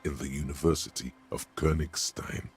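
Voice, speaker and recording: An actor voicing a gravelly male inner-voice narrator in a video game, with a dramatic, portentous delivery. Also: extremely low pitch, little pitch movement, normal speed, darkish tone, exaggerated voice. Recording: game music clearly behind.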